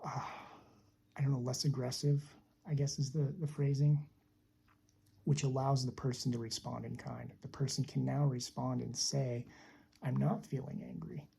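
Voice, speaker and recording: A woman speaks as a spiritual teacher, unhurried and deliberate, often repeating a phrase to let it land. Her voice is heavily gravelly with a very dark, mellow tone. It sounds breathy and husky throughout. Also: rumbling low, flat delivery. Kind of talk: slow reflective teaching monologue.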